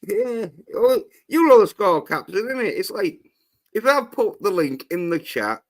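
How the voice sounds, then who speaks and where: A man's voice: sits high, sing-song, a little slow. A man hosting a livestream, ranting angrily and swearing constantly in a rambling way. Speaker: livestream host. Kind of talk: profane livestream rant.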